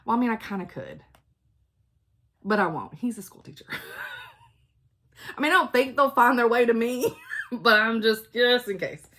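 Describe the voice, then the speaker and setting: A middle-aged woman, telling stories in a loud, chatty vlog and laughing often. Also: fairly high pitch, measured pace, pauses often. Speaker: cross-stitch vlogger. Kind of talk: casual storytelling chat.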